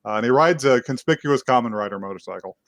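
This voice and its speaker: A man of middling pitch recaps an anime episode for his podcast, with rambling and frequent laughter. He jumps into the characters' lines as he goes. His voice sounds close and dry, with no room echo. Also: lively intonation, fast. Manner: rambling, laughing, acts out quotes. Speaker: podcast co-host. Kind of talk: casual anime recap chat.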